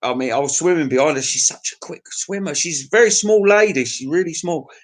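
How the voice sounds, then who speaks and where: Man, livestream host, rambling jokey chat, swears a lot, slightly raised pitch. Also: fairly quick. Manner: crude, profane, jokey storytelling. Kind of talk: casual rambling chat to viewers.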